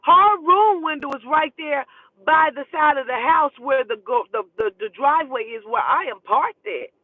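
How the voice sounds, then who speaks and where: A woman's voice: high voice, normal speed, no room sound. A woman telling a story in a casual, profane and emphatic way. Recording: tinny phone line, dry.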